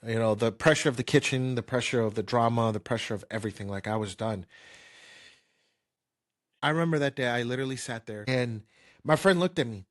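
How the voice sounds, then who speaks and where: A man's voice: medium pitch, brisk. A man hosting a podcast, telling a kitchen story casually, with lots of "like" and restarts, acting it out with sound effects. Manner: lively anecdote-telling with sound effects like pop and bam; loose, filler-heavy talk with "like" and restarts. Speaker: podcast host.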